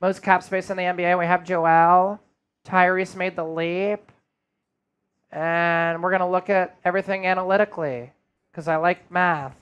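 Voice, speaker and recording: A man doing an impression of a calm, measured male basketball executive with a flat, slow delivery. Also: high voice, smooth, dull audio. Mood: deadpan.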